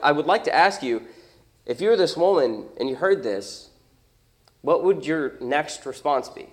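A young adult man preaching a sermon as pastor, conversational and emphatic, with many rhetorical questions. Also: on the high side.

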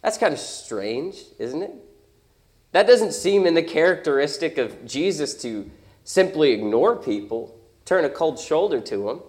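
A man's voice: a little high, very animated, unhurried, darkish tone. A young adult man preaching a sermon as pastor, conversational and emphatic, with many rhetorical questions.

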